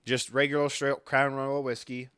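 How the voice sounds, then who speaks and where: A man's voice: medium pitch, flat delivery, moderate pace, fairly bright tone. A laid-back, joking man with an Oklahoma Southern twang, co-hosting a podcast in casual chat. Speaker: podcast co-host.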